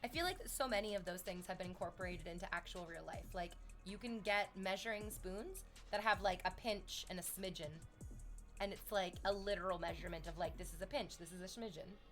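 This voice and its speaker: A woman's voice: on the low side, steady tone, a little fast, a bit bright, soft background music. A woman streamer chatting casually and playfully with her viewers, swearing now and then. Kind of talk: casual livestream chat.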